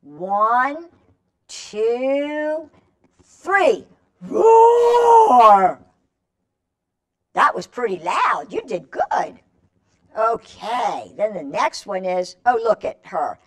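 Woman storyteller, picture book read-aloud for kids, swooping sing-song voice, slow unhurried pace. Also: medium pitch. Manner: animated, coaxing listeners to join in with stretches and animal calls. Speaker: children's storyteller.

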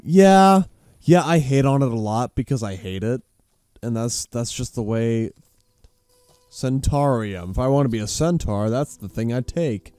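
Foul-mouthed sarcastic gaming commentator. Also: male voice, mid-range voice, no room sound. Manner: sarcastic, swears constantly, bursts into yelling. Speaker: gaming channel host. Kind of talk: profane let's play commentary.

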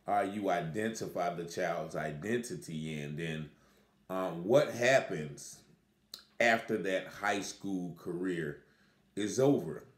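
A man giving unscripted commentary, rambling along with many fillers and restarts. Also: deep voice. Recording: echoey room.

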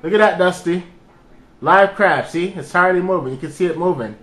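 Excitable young man filming at his sink. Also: high voice, fairly quick. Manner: excitable, profane, talks to a pet. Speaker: vlogger. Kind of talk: casual handheld vlog. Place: home kitchen sink.

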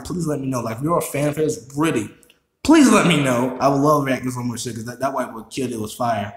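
Male reaction host: quick, excitable, profane delivery, recorded in a roomy, echoey space. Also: medium pitch. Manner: excitable, profanity-heavy, repeats himself. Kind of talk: casual reaction commentary.

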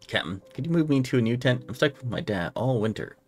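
A man's voice: medium pitch, animated, fast talker, soft background music, voice pushed up. A man reading the lines of an impatient young male crewman in a game. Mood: pleading. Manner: pleading, petulant.

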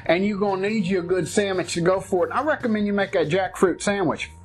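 High-voiced guy doing a kitchen cooking show, folksy and jokey, faint music behind. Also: quick pace. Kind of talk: casual cooking demo.

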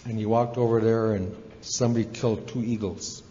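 A man's voice: lowish voice, steady tone, brisk, mellow, slight background noise. A man speaking at a recovery meeting, telling a folksy story in a casual, rambling way with fillers and asides. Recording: echoey hall, dull lo-fi sound.

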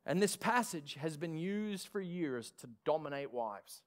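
Aussie pastor guy preaching, kinda high voice, jokey sarcastic bits. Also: measured pace. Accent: Australian. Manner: animated preaching with sarcastic asides. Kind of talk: sermon.

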